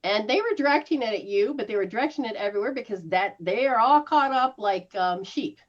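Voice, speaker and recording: A woman spiritual healer, her voice on the high side and a little fast, talks a client through her habits during a casual one-on-one live session. She animatedly mimics startled reactions with gasps and laughs, her voice leaping up and down, on a muffled, lo-fi recording.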